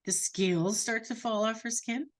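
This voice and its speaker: A woman coaching her business team, telling an animated story. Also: on the high side, normal speed. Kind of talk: storytelling talk.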